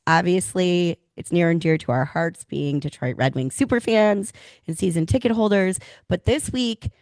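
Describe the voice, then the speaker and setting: A woman with a slightly low voice co-hosts a relaxed hockey podcast, upbeat and steering the talk with questions. Her voice sounds close and dry, with no room echo. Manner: upbeat, leads the conversation with questions. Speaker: co-host. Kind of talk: casual podcast chat.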